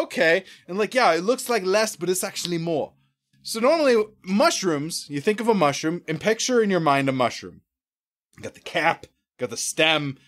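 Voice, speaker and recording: A man with a high voice that swoops all over the place tells a story as a podcast guest. His delivery is animated and profane, and he keeps acting out other people's voices and his own past remarks. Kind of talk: casual storytelling.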